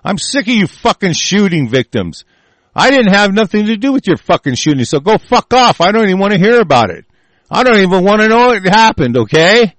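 A man's voice: high voice, sing-song, fairly quick, no room sound. A man from the United States in an angry, profane political rant, full of threats. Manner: furious, profane, shouting threats.

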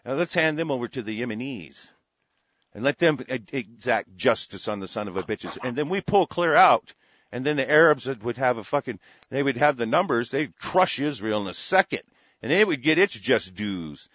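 A middle-aged man rants angrily about politics, cursing constantly and stammering through restarts. His medium-pitched, somewhat bright voice is animated and moves at a moderate pace. The recording is dry and lo-fi.

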